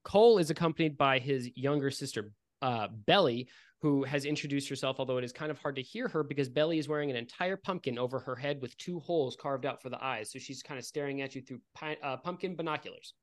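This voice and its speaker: A man's voice: medium pitch, fast. A man narrating a tabletop game as game master, in a casual, rambling way full of fillers.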